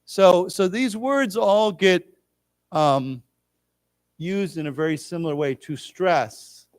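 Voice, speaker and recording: Guy teaching english words to a class, slightly high voice, dry close sound, explains slow and gets everyone to repeat. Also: dry recording. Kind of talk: classroom vocabulary lesson. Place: library lecture room with a live audience.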